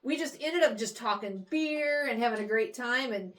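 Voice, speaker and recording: A woman from the St. Louis area co-hosting a casual beer podcast, an animated storyteller who acts out the voices of the people in her stories. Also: on the high side, normal speed. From St. Louis area, Missouri. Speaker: podcast co-host. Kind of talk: casual chat, anecdote telling.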